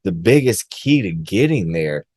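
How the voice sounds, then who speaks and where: A low-voiced man tells a personal story to his viewers in an earnest, halting way. He circles back, restarts and repeats phrases, filling gaps with likes. The sound is close and dry. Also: very animated, darkish tone, dry recording. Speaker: vlogger.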